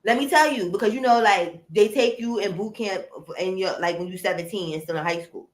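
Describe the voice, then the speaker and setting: A woman in casual live-stream chat, telling stories loudly and with lots of life, swearing freely. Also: mid-range voice, brisk, reverberant, poor audio. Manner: loud animated storytelling, swears freely.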